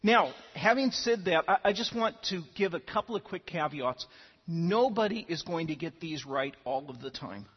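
A man's voice: on the high side, animated, moderate pace, breathy edge. A man preaching a sermon as pastor, earnest and given to repeating words as he starts his phrases. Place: church sanctuary. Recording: lo-fi with long hall reverb.

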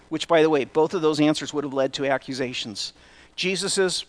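A middle-aged male pastor with a high voice preaches a relaxed, conversational sermon. He breaks in with wry, self-deprecating asides. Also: a little fast.

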